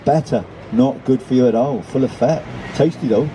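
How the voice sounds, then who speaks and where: A man's voice: mid-range voice, moderate pace, warm tone, a little hiss or hum, lightly acted, rough recording. A man reading a story, voicing a self-assured male seagull with a put-on Kent accent. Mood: chatty.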